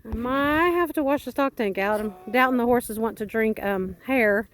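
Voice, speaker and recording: A woman's voice: a little high, moderate pace, a little hiss or hum. A woman giving a rambling, matter-of-fact tour of her farm outdoors in a casual vlog, filming on a handheld phone. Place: outdoors on a farm among animals.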